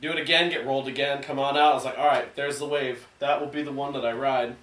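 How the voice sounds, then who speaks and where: A man's voice: mid-range voice, fast. Laid-back host man, roomy distant mic. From San Diego. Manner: relaxed, joking anecdotes. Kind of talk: casual podcast chat.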